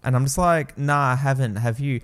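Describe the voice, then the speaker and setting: A man's voice: mid-range voice, a little fast, a bit bright. A young man in casual conversation, telling stories in a hesitant way, full of fillers. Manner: hesitant, fillers heavy, lots of "like" and "I'm just like". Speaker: podcast co-host. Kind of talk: casual chat.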